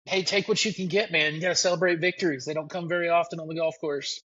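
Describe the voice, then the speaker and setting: A man talks golf as a podcast guest, his voice a little high and husky. He starts hesitantly but sounds keen. The line is dull and lo-fi. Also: steady tone, fast talker, fairly bright tone. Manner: hesitant, enthusiastic. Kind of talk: casual sports chat.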